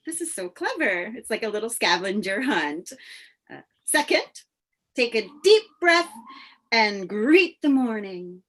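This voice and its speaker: A chirpy, naive woman with no memory, as an actress plays her, speaking in a high voice that swoops around. She talks slowly and with wonder. It is a live play reading over a video call. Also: heavily acted. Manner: bright, wondering, animated.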